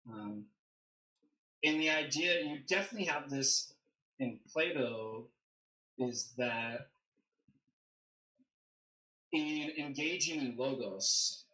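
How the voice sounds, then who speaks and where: Male theologian guest, bright tone, measured and explanatory, echoey room. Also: a little high. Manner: measured, explanatory, thinking aloud. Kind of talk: livestream theology discussion.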